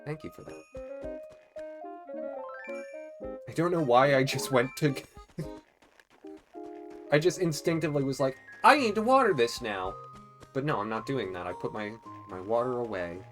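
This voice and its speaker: A let's play host chatting casually and joking while playing a life-sim game, thinking out loud. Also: mid-range voice, a little slow, long pauses, over music. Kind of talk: casual gameplay commentary.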